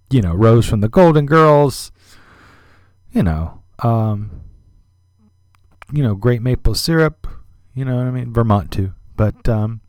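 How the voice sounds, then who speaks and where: A man's voice: medium pitch, a little mellow, no room sound, clean studio sound. A man hosting a music podcast, talking in a chatty, rambling way with lots of fillers and asides. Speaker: podcast host. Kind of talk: casual radio-style music commentary.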